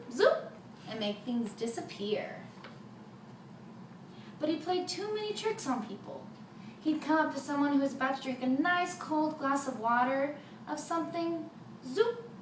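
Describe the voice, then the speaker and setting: A woman telling a folk tale for children, with lively sound effects, in a roomy recording from a distant mic with faint noise. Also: high-pitched, moderate pace. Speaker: storyteller.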